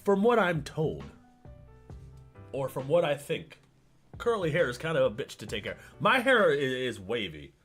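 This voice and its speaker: A man's voice: mid-range voice, very animated, moderate pace, a bit bright, breathy edge, faint music behind. A man livestreaming and chatting casually with his viewers, rambling, stammering and repeating words, laughing often and getting sidetracked.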